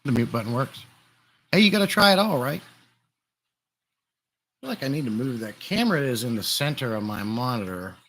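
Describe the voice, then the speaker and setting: A man hosting a casual live stream, chatting in a relaxed way and greeting viewers by name, recorded on a desktop mic in a room full of glass fish tanks. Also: medium pitch, normal speed, pauses often, a little hiss or hum. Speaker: livestream host. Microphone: desktop USB condenser mic.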